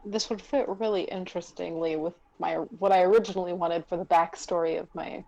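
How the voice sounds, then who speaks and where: A woman chatting casually while making a tabletop game character, soft-spoken and quick to laugh. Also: lowish voice, fairly even intonation, vocal fry, highs cut off. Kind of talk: casual chat.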